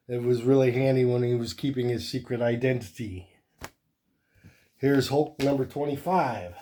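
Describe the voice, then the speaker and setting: A man hosting a comic book show, chatting casually in a relaxed, rambling way with many fillers. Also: mid-range voice. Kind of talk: casual show-and-tell chat.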